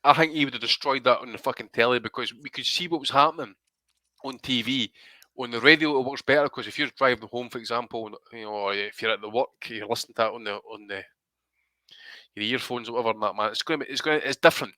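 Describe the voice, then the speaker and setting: A man's voice: medium pitch, fast talker, pushed and bright, dry recording. A man co-hosting a boxing podcast, blunt and swearing constantly. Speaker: podcast co-host. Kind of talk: casual chat.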